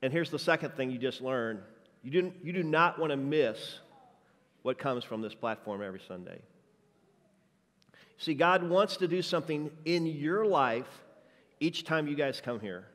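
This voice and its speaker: Energetic juggling preacher in a reverberant hall. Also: male voice, a little high, normal speed, pauses often. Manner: playful, jokey, energetic crowd-work. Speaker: guest speaker and juggler. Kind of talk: church sermon with juggling. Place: church sanctuary.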